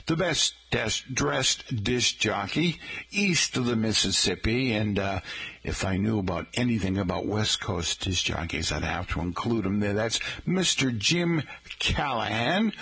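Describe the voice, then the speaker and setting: Gravelly, chatty male radio host. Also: medium pitch, fairly bright tone. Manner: rambling, folksy, chatty asides to listeners. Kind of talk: casual radio talk.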